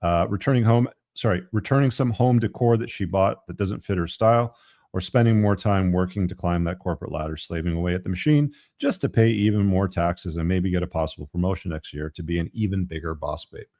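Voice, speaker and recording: A man's voice: sits low, a little fast, darkish tone, dry recording, studio quality. A man hosting a live podcast show, reading from his book with wry, tongue-in-cheek asides and lots of fillers. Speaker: podcast host.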